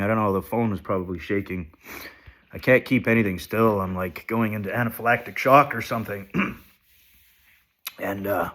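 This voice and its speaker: Pitched fairly low with a fairly bright tone, a sick man talks into the phone in his hand, nose blocked and body shaky. The vlog is casual and confessional. He rambles, swears and runs himself down.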